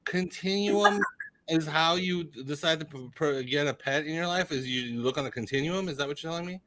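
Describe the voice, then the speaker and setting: A man on a podcast telling a story in casual chat, animated and teasing, often restarting his sentences. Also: a little high, quick pace. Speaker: podcast co-host.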